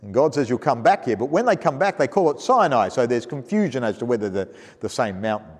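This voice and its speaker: Male pastor, Australian accent, chatty sermon, lively pitch, reverberant church hall. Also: quick pace. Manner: conversational, asks the congregation questions; chuckles while reading scripture aloud. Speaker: preacher.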